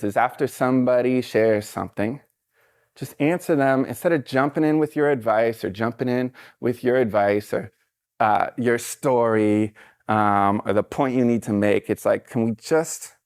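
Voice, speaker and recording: On stage before a live audience, a middle-aged man gives a relaxed, encouraging motivational talk in a casual, conversational style, often using fillers. His voice sits in the mid-range at a normal speed, and the sound is clean, echo-free, and studio quality.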